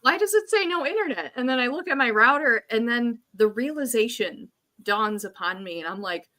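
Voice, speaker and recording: A woman co-hosting a casual podcast chat, telling stories in an animated way and acting out her own panic. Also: fairly high pitch, moderate pace. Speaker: podcast co-host.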